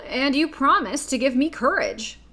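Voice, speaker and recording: A woman reading a storybook aloud voices a big, timid male lion who longs for courage, speaking slowly and drawn out. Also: high-pitched, expressive, bright, forceful tone, pitched above the performer's own voice. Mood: plaintive.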